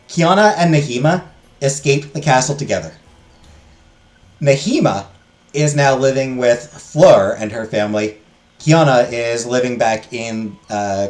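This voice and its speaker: A man's voice: a little high, a little mellow. A man hosting a game playthrough, chatting and joking about his own character voices. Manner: chatty, self-mocking, laughs at own voices. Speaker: let's play host. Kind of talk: game playthrough commentary and reading aloud.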